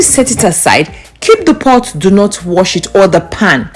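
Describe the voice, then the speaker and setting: A woman's voice: medium pitch, sing-song, moderate pace, few pauses, faint music behind. A young woman vlogger walking through a recipe in her home kitchen, emphatic and playful, repeating the key steps for emphasis. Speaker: cooking vlogger. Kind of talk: recipe walkthrough.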